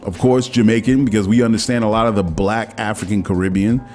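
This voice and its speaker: A man's voice: lowish voice, fairly even intonation, fairly quick, a little mellow, soft background music. A man hosting his own podcast, talking casually and rambling, with many fillers and restarts. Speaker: podcast host. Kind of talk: casual solo talk.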